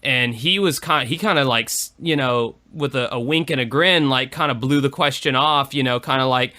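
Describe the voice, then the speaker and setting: A man's voice: medium pitch, moderate pace, bright, forceful tone. A man co-hosting a podcast in casual chat, rambling with many fillers. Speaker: podcast co-host.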